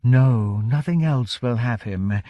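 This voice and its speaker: A man voicing an ancient female water nymph who speaks in a slow, resounding, cold but not harsh way, in an audiobook. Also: mid-range voice, no room sound, dull audio, close to an everyday voice. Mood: possessive.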